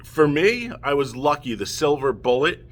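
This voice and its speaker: This middle-aged man's voice is a little high with big pitch swings, moving at a moderate pace. As a father speaking out against family courts, he rants straight to the camera, emotional, heated and pleading, frequently asking "okay?".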